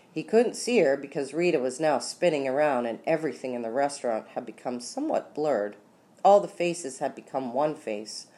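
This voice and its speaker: A woman narrating an audiobook story with expressive, lively delivery and slowed dramatic beats. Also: a bass voice. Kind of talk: scripted narration.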